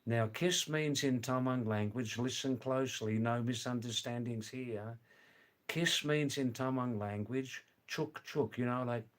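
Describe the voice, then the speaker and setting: A man, hosting a casual livestream and chatting slowly, mixing in words from other languages. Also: mid-range voice. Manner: slow, chatty, sprinkles words from several languages. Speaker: livestream host.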